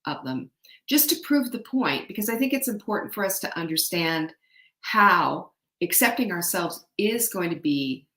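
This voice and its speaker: A middle-aged woman with a mid-range, slightly bright voice hosts a motivational talk. She is chatty and often puts questions to her audience. The room she is in sounds echoey.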